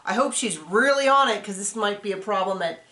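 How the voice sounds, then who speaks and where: A woman's voice: medium pitch, expressive, brisk, bright, forceful tone, roomy sound. A woman hosting a casual reality TV recap, chatting and rambling as she acts out what people said.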